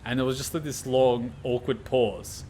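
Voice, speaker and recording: A man's voice: mid-range voice, fairly even intonation, normal speed, warm tone, a little hiss or hum. Rambling Australian man telling stories. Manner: rambling, full of fillers and laughter. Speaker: gaming streamer reacting. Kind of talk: casual anecdote during a game reaction.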